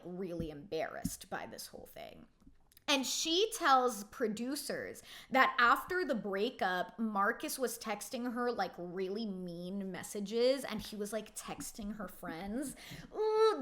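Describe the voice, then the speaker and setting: A woman in her twenties talks through a reality TV episode in a chatty, opinionated way, with a voice set a little high for a woman. Her talk runs loose and casual, packed with "like" as she gives her takes. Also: a bit bright. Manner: chatty and opinionated, heavy use of "like". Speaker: reality TV recap vlogger.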